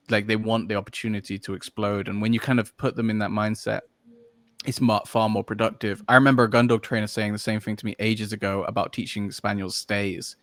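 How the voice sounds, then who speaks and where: Guy with a lowish voice, rambling guest chat, lots of ums, dry close mic. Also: fairly bright tone, no room sound. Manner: rambling, searching for words, many fillers. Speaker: podcast guest, dog trainer. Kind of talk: casual interview chat.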